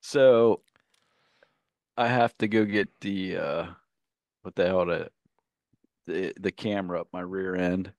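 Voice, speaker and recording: A man's voice: sits low, fairly even intonation, slow, pauses often, a little mellow, no echo. A man co-hosting a radio show, telling long rambling anecdotes in casual banter and laughing at his own stories.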